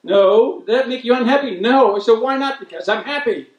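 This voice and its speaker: A man's voice: very high-pitched, brisk, highs cut off. A man doing a rambling, self-mocking stand-up set at a community event. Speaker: stand-up comedian. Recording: roomy hall, mic heard from a distance.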